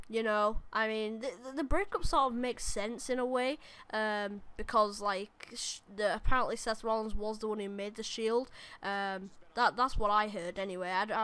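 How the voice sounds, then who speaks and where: A young adult woman, rambling and commentating live on her own gameplay, often bursting into excited shouts at the game. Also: medium pitch, clean tone. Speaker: gaming YouTuber.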